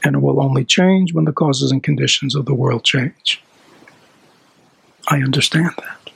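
Raspy guy teaching buddhist stuff, keeps asking the crowd questions, whispers sometimes, dry sound. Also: mid-range voice, moderate pace, no room sound, poor audio. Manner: animated, asks the audience rhetorical questions. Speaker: dharma teacher. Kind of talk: Buddhist dharma talk.

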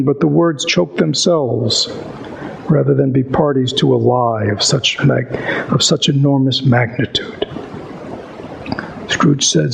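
A man giving a reflective Buddhist talk, asking rhetorical questions and pausing often to think, and reading a story aloud. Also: medium pitch, fairly even intonation, vocal fry, slight background noise, rough recording. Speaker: Buddhist teacher. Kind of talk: dharma talk with read-aloud passages.

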